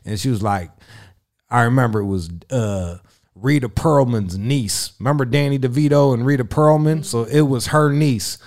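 A man's voice: mid-range voice, normal speed. Crude boastful man telling stories. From Italian heritage. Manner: crude, boastful storytelling with loud bursts. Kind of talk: casual chat.

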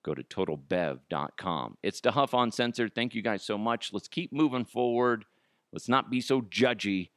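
A man's voice: lowish voice, expressive, normal speed, a bit bright, no room sound, studio quality. A man hosting his solo podcast, ranting profanely and laughing at his own jokes. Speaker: podcast host.

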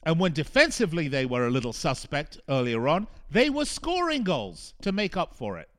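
Man, soccer radio host, high-pitched voice, frustrated and emphatic, hammering points with repetition. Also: wildly swooping pitch, normal speed, fairly bright tone. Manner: frustrated, emphatic, repeats phrases for punch. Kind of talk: opinionated sports talk monologue.

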